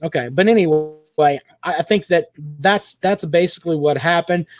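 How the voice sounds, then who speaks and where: A man's voice: fairly high pitch, moderate pace. A man hosting a sports talk show, giving opinionated commentary at length. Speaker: podcast host.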